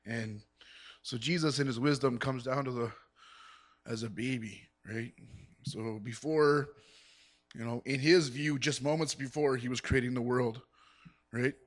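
A man giving a spoken church testimony, earnest and rambling, with many fillers and sudden bursts of excitement. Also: mid-range voice, a little slow, pauses often.

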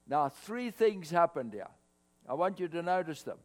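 A man preaching a sermon to his congregation, swelling louder on scripture quotes. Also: a little high, normal speed. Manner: expressive preaching, rising loud on scripture quotes. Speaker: pastor. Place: church hall, cold morning. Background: mains hum.

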